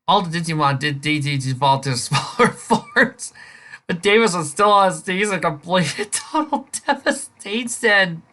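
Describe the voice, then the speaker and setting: A woman's voice: fairly low pitch, lively intonation, a little slow, a bit bright. A woman reading fan fiction aloud and ranting at it with sarcastic, incredulous commentary. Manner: incredulous, sarcastic, breaks into laughter. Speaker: fanfiction reader and reviewer.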